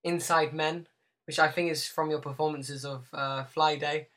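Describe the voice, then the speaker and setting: A man's voice: fairly high pitch, steady tone, moderate pace, a bit bright. A man hosting a podcast, teasing his guest and joking, often stumbling over his words. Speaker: podcast host. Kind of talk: casual interview chat.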